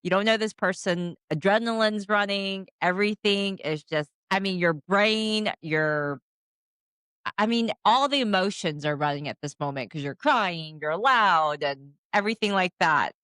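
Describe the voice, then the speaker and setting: A woman's voice: medium pitch, moderate pace, fairly bright tone, smooth, no echo, studio quality. A woman co-hosting a podcast in casual chat, asking questions hesitantly with many restarts. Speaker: podcast co-host.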